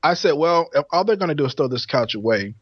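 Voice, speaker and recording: A man co-hosting a podcast, telling a story in an animated, laughing way. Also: a little high, fast, dry recording, dull audio. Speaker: podcast co-host. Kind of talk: casual storytelling chat.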